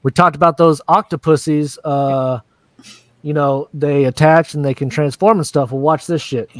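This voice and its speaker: A man's voice: on the high side, fairly even intonation, moderate pace, dry recording. A man casually recapping a TV episode, rambling and profane, with crude jokes. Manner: rambling, crude jokey storytelling. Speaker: show recap host.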